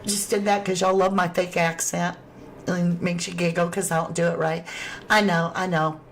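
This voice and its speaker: A woman's voice: fairly low pitch, level tone, normal speed, a little hiss or hum. A woman hosting a true crime livestream, reading viewer chat aloud in a casual, affectionate way. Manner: affectionate, calls viewers sweetheart and lovelies.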